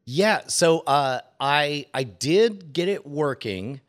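A man with a somewhat high voice chatting on a tech podcast. He talks in an animated way, chuckling often and punching up his phrases as he tells a story. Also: takes it slowly. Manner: animated, laughing, reads game text aloud with rising excitement. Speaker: podcast co-host. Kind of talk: casual tech podcast chat.

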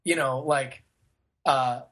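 A man co-hosting a podcast, reading news out loud with wry asides in a casual chat. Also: mid-range voice, fairly even intonation, slow. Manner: wry, reads out news quotes with running asides. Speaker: podcast co-host.

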